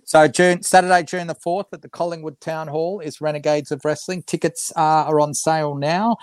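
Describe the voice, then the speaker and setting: A man's voice: a little high, little pitch movement, moderate pace, dry recording. A man, a guest on a casual podcast, rambling and laughing at himself as he talks. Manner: rambling, laughing, self-deprecating. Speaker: podcast guest, wrestling announcer.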